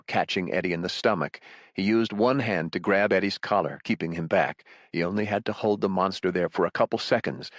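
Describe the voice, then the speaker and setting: A man narrating an audiobook in a dramatic, steady storytelling manner. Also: low-pitched, no room sound, studio quality. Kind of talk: scripted narration.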